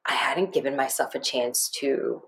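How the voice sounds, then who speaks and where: A woman co-hosting a podcast, talking through her feelings in a rambling, emotional way with lively quoted asides. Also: extremely low pitch, moderate pace. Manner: emotional, rambling, animated quoting. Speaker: podcast co-host. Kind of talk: casual podcast chat.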